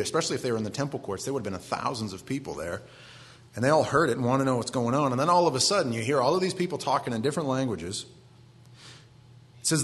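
A man in his forties with a Maine accent, preaching a sermon in a conversational way with self-deprecating asides. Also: medium pitch. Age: 40s. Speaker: pastor.

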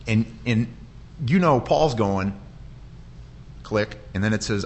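A man delivering a sermon in a church in a conversational way, with frequent restarts and lively quoted voices. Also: on the low side, takes it slowly, pauses often. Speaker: pastor.

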